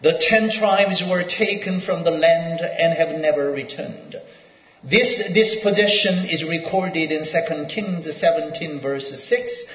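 A male preacher giving a sermon, reading scripture aloud in an emphatic, pausing delivery. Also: on the high side. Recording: dull echoey hall sound.

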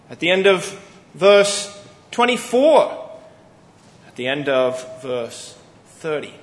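A man's voice: high voice, fairly bright tone. Earnest male preacher in echoey hall. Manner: earnest, emphatic expository preaching with deliberate pauses. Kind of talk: sermon. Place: church sanctuary. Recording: echoey church hall with long reverb.

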